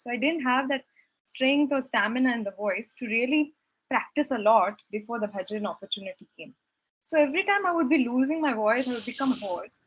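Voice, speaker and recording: A woman's voice: on the high side, slightly rough, dull audio. A young woman telling her story at a devotional gathering, earnest and reflective, with hesitant restarts. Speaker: satsang speaker sharing her story. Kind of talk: personal testimony talk.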